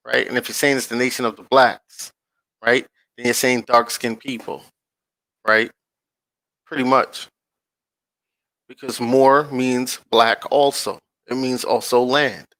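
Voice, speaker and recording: Slow, bright-voiced man reading aloud. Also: medium pitch, dry recording, low-quality recording. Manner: slow, drawn-out reading with frequent checks to the listeners; addresses viewers directly in casual slang. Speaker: online channel host. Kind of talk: casual commentary reading from a screen-shared page.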